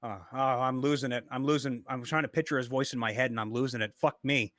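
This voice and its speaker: A man chatting on a live stream in an animated, playful, self-deprecating way. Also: medium pitch, fast, dry recording, studio quality. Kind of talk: casual live-stream chat.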